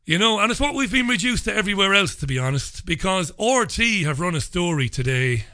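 A man's voice: sits high, big pitch swings, a little fast, pushed and bright, no echo, clean studio sound. A man giving an angry, indignant opinion monologue. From Ireland. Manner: indignant, ranting.

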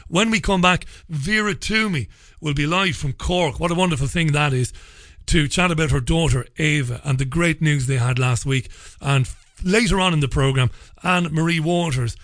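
A man hosting a radio talk show in a chatty, opinionated way with quick asides. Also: fairly high pitch, a bit bright, no room sound, clean studio sound.

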